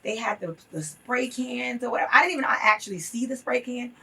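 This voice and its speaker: Husky-voiced woman telling an emphatic story. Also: fairly high pitch, brisk, sharp tone, distant mic. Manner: emphatic, storytelling with acted quotes. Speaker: interview guest. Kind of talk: casual interview talk.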